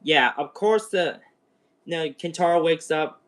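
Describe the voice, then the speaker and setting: A young man casually reviewing a show on a livestream, excitable and rambling like an eager fan. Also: fairly high pitch, measured pace.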